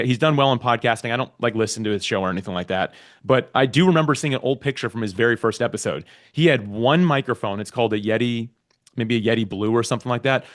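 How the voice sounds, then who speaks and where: A man speaking as a podcast guest in casual interview chat, giving emphatic, animated advice from his home podcast studio. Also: mid-range voice.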